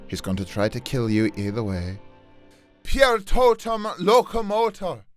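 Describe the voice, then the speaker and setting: Casting: a man playing a stern elderly female professor, crisp commands, lively pitch, slow and deliberate. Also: no echo.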